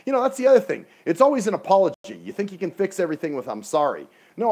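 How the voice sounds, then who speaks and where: A man rants into his phone during a casual livestream. His voice sits a touch high and jumps around a lot. He is exasperated and profane, and he acts out the other side of every conversation. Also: quick pace, hardly any pauses, slightly rough. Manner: profane, exasperated, animated storytelling.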